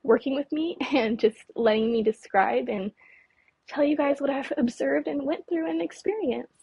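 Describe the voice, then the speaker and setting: A woman in her late twenties from California, a guest recounting a frightening experience in a halting, shaky voice, stumbling over words and apologizing. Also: high-pitched, gravelly, mellow, dry recording, poor audio. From California, Mojave Desert. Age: late 20s. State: nervous, voice trembling. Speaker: guest, UFO researcher.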